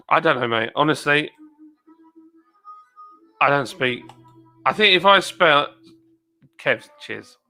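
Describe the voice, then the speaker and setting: Bright-voiced chatty English man. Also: on the high side, animated, takes it slowly, long pauses, faint music behind, low-quality recording. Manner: rambling, chatty, jokey asides. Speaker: live stream host. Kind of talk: casual live chat reading viewer comments.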